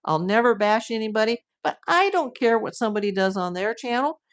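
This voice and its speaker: Woman on her live stream, kinda high voice, blunt and frank, laughs a lot. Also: expressive, fairly quick. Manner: blunt and frank, acts out what commenters say; laughs easily between points. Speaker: livestream host. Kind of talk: casual livestream chat.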